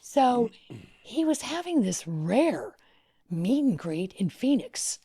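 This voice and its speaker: This wedding planner from Louisiana, middle-aged with a breathy, husky voice, recounts a story while appearing as a podcast guest. She talks slowly in a somewhat high register, animated and expressive, frequently dropping to a whisper and then lifting excitedly.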